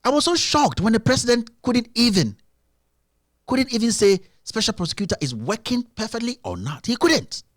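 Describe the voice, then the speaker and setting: A man's voice: very high-pitched, big pitch swings, normal speed, no echo, studio quality. A man hosting a live-stream show, giving emphatic, repetitive political commentary.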